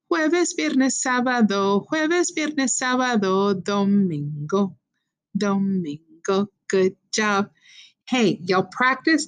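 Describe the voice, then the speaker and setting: A woman teaching a beginner Spanish lesson, slowly modeling words and prompting learners to repeat after her. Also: mid-range voice. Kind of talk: call-and-response language lesson.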